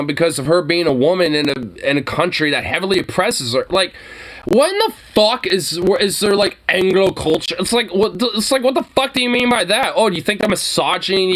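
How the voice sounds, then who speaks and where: A man's voice: high-pitched, fairly bright tone. Profane ranting young man. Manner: profane, ranting, laughs often. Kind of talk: casual reaction commentary.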